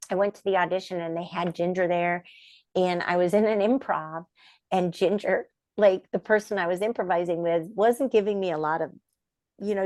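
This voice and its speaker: Animated woman telling stories, dry mic. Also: dry recording. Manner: animated, acts out quoted voices with big pitch jumps. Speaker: puppeteer and voice actress, guest. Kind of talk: storytelling in a podcast interview.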